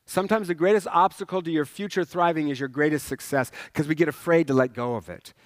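A man's voice: fairly high pitch, fast, no echo. Conversational male pastor, dry close sound. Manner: conversational, asks "right?" often, acts out characters. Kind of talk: sermon.

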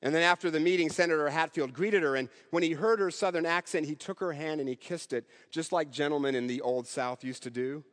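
A man preaching a sermon in an earnest way, with emphatic rises and soft drops, closing in prayer. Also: fairly high pitch, brisk, hardly any pauses, in a large hall. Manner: earnest, rising and falling emphasis, ending in prayer.

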